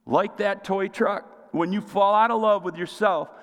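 A man's voice: high-pitched, fairly even intonation, unhurried. A man preaching a sermon as pastor, asking the congregation questions and calling for responses. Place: church sanctuary. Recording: long reverb of a large hall.

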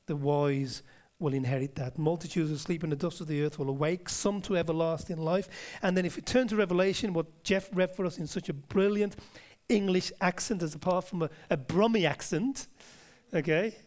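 A man's voice: a little high, fairly quick, a little mellow. A man preaching a sermon, emphatic and conversational, with asides to the congregation and key words dropped to a near-whisper.

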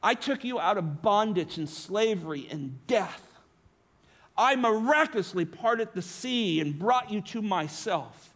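A man preaching a sermon as pastor, swinging between emphatic lines and hushed asides. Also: high-pitched, lively intonation, a little slow.

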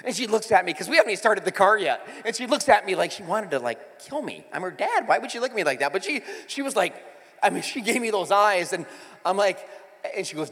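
A pastor in his forties preaching and telling stories in a church auditorium, animated and emphatic. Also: sits high, fast talker. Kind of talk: sermon with prayer and storytelling. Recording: reverberant hall with faint music.

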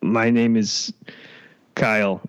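A man's voice: lowish voice, little pitch movement, slow pace, smooth, lo-fi sound. A man in an improvised comedy game who keeps asking confused, earnest questions about the rules. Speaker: improv player. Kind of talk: improvised comedy role-play.

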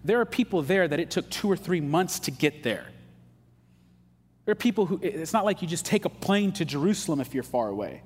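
A man's voice: fairly high pitch, big pitch swings, brisk, husky. A pastor preaching a sermon in a casual, emphatic way, dropping slang asides as he explains scripture. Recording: long hall reverb.

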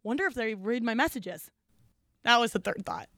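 A woman's voice: on the high side, animated, normal speed, fairly bright tone. A woman co-hosting a casual podcast chat, telling a story, acting out quotes, laughing often. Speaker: podcast co-host.

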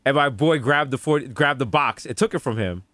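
A man's voice: brisk, dry recording. A man, a podcast co-host telling casual stories with lots of quoted voices. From New York. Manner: animated, swings into high voices when quoting people. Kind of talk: casual storytelling chat.

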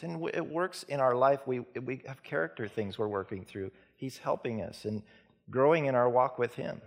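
Preacher, male, gravelly voice, earnest sermon delivery that drops soft and slow. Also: medium pitch. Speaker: pastor.

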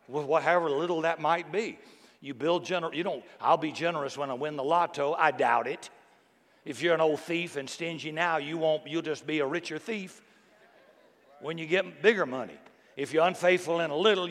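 Folksy preacher in a reverberant hall. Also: male voice, fairly high pitch. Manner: folksy, animated storytelling with sudden loud outbursts and soft hushed passages. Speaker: pastor. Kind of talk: sermon. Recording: long reverb from a big hall.

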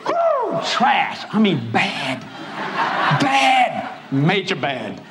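A man with a Cajun accent preaching a comedic sermon, telling stories loudly and often breaking into shouts. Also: sits high, very slow, heavy background noise. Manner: animated, loud storytelling with bursts of shouting. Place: church hall before a live audience.

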